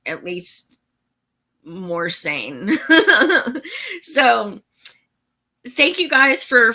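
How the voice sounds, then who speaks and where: A woman's voice: medium pitch, pushed and bright. A woman hosting a political livestream show, chatting casually, venting and swearing freely as she talks to her viewers.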